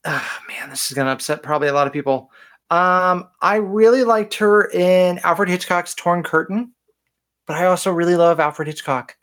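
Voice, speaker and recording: A man co-hosting a film podcast in casual chat. He talks in a joking, self-deprecating way. His voice sits a little high. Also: moderate pace, fairly bright tone. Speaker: podcast co-host.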